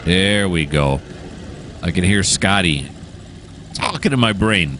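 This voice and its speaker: Low-pitched male game host, casual and rambling, full of ums and uhs. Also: lively intonation, normal speed, a bit bright, slight background noise. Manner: rambling, enthusiastic, many filler sounds. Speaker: train simulator gameplay host. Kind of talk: casual gameplay commentary.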